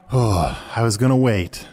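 A man's voice: mid-range voice, extremely slow, a little mellow. A man hosting a comedic improvised fantasy role-play podcast, talking in a playful, teasing way. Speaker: podcast host in character.

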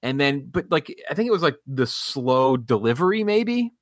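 A man's voice: mid-range voice, sing-song, normal speed, no echo, studio quality. A man co-hosting a casual movie chat, rambling and hesitant and swearing casually. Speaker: podcast co-host.

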